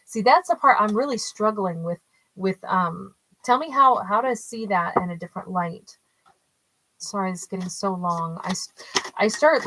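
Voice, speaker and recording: Lady reading tarot on her channel, lowish voice, dry close sound, talks it out and second-guesses herself. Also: no echo, rough recording. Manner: thinking aloud, questioning herself, animated asides. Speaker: tarot storyteller. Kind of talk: casual tarot reading monologue.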